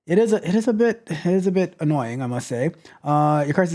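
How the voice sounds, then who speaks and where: A man's voice: a little high, big pitch swings, moderate pace, darkish tone. A man hosting a tech livestream who reads chat aloud in a theatrical, sarcastic way, full of playful mock outrage. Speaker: host.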